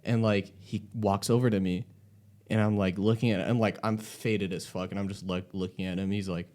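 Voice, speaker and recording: A man's voice: fairly low pitch, fairly even intonation, normal speed, a little mellow. A young man telling a casual, rambling story on a podcast, swearing a lot and laughing often. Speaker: podcast host.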